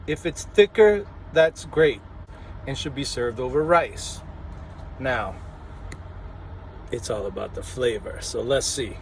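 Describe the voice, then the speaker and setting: A truck driver from New Orleans with a New Orleans accent, chatting casually to camera in a vlog and laughing often. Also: male voice, medium pitch, takes it slowly, pauses often, slight background noise. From New Orleans, Louisiana.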